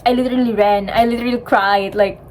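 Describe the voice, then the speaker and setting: A woman's voice: a little high, steady tone, fast talker. Chatty young Malaysian woman, slightly strained. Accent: Malaysian English. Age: young adult. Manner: chatty, mixes in Malay words, acts out her own past outbursts. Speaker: university student vlogger. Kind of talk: casual storytelling vlog.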